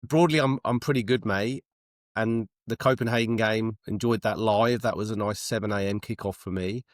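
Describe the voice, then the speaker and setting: A man with a cold and a congested voice, co-hosting a football podcast in a friendly, relaxed way. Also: on the low side, moderate pace, dry recording, studio quality. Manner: friendly, relaxed, says "mate". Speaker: podcast co-host. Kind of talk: casual podcast chat.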